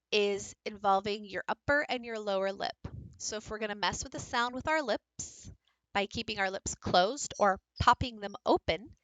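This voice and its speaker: Bright-voiced woman teaching phonics. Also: mid-range voice, no room sound, low-quality recording. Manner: explanatory, practical, addresses teachers directly. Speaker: teacher presenting a book study. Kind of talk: recorded lecture presentation.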